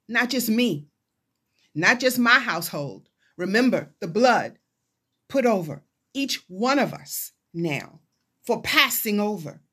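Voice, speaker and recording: A woman's voice: fairly high pitch, husky. A woman chaplain preaching a sermon, retelling scripture and acting out the voices of the people in it. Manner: retelling scripture with dramatized voices, rising to excited pleas.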